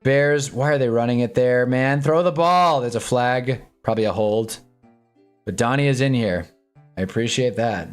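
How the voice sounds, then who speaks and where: A young man casually reacting to live football games on a stream, swinging from low muttering to excited yelling at big plays. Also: moderate pace, faint music behind. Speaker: sports streamer. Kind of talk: live football watch-along commentary. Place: home streaming room with green screen.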